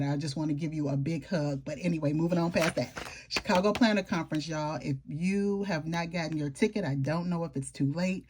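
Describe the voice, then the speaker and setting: A woman with a lowish, mellow voice talks casually through a show-and-tell of her planner. She chats straight to her viewers in an informal, friendly way, with a faint hiss of background noise behind her. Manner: chatty, informal, talks straight to viewers with southern-style slang. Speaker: planner vlogger.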